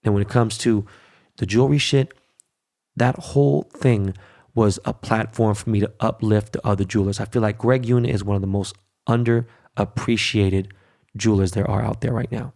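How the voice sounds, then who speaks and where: A man's voice: lowish voice, fairly even intonation, normal speed, creaky, a little mellow. A man hosting his own podcast in a brash, blunt, profane monologue, tagging points with "right?" and "okay?". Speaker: podcast host. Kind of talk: casual monologue.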